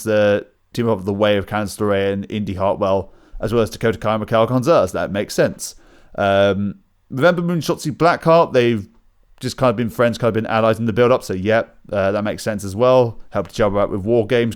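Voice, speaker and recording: Man with a smooth voice. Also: on the low side. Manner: easygoing, dry humor. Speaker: podcast co-host. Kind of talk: casual chat.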